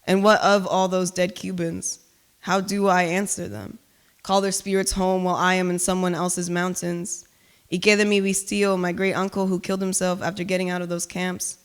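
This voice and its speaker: Intense woman poet, smooth clear voice. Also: lowish voice, little pitch movement, moderate pace. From Cuba. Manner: loud, emphatic, intense delivery. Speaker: spoken word poet. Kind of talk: spoken word poetry performance with chatty asides. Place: live reading at an art gallery.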